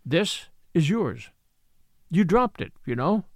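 A man's voice: on the high side, big pitch swings, dry recording, clean studio sound, heavily acted. A man voicing an eager, somewhat shy young Englishman on holiday, speaking earnestly with an English accent in an audiobook. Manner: earnest, slightly halting.

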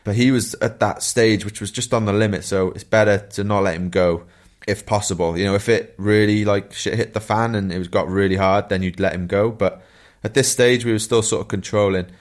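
A Welsh man and former pro cyclist, co-hosting a casual podcast and telling race stories in a relaxed way. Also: on the low side, brisk. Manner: relaxed storytelling with laughs and asides.

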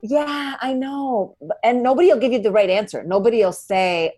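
A middle-aged woman, a cookbook author, chatting in an interview in a rambling, animated way from her farm home. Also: a little high, moderate pace. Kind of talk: casual interview chat.

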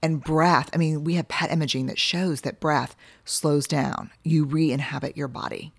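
Animated storytelling woman, dry close sound. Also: low-pitched, normal speed, vocal fry, slightly rough, no room sound. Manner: animated storyteller, acts out quoted voices, casual swearing. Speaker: guest. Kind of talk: casual conversation.

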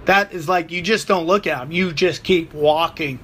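Bright-voiced, profane comedic rambler. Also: male voice, sits high, normal speed, hardly any pauses, slight background noise. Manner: profane, rambling, animated storyteller.

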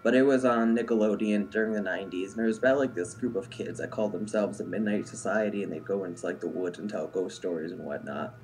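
Young man, low voice, casual rambling storyteller, lots of fillers. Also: fast talker, hardly any pauses, a little mellow, slight background noise. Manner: rambling, heavy use of "like" and "um". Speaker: listener telling a story.

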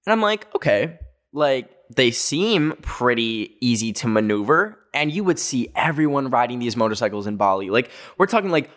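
Young man, from North America, casual storyteller, filler-heavy, self-correcting, mid-pitched voice. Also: very animated, moderate pace, hardly any pauses, fairly bright tone. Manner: chatty, full of "like" fillers, jumpy self-corrections. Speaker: vlogger.

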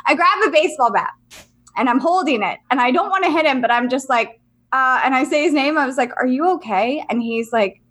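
A young woman with a fairly high voice tells a ghost story on a casual podcast. She is animated and laughs often, and she swears freely as the tale builds. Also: a little fast. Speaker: podcast co-host.

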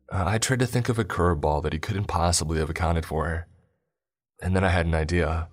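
Deep-voiced man narrating a story. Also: moderate pace, faint music behind. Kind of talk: first-person story narration.

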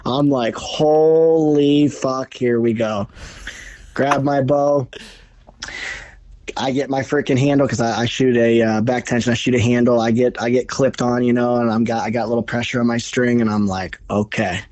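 Male bowhunting guest, mid-pitched, swearing through an excited story, dry close sound. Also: dry recording. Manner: animated, profane, fast retelling. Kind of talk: casual storytelling.

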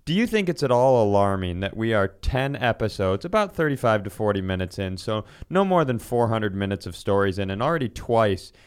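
A man co-hosting a comedy podcast, riffing with quick jokes and sudden shifts of pace. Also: fairly low pitch, sing-song, smooth. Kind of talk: casual banter.

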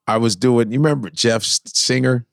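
A man chatting on a podcast as a comedian guest, an animated storyteller who slips into voices. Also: mid-range voice, normal speed, vocal fry, no echo, clean studio sound. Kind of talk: casual podcast chat.

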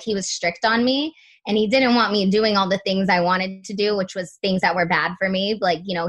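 Young woman, podcast guest, candid casual talk, lots of fillers, mid pitch. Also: fairly bright tone. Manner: candid, frequent "like" fillers, swears.

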